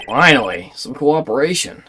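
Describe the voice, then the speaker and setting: A man's voice: mid-range voice, big pitch swings, normal speed, pushed and bright, slight background noise. A man voicing an earnest young male defense attorney, reading game lines aloud.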